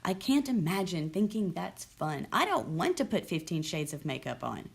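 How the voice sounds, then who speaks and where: A young adult woman living in the US South hosts her own vlog, talking casually to camera with candor and sarcasm and frequent restarts. Her fairly low voice is very animated, creaky and edged with breath. She keeps a moderate pace with few pauses.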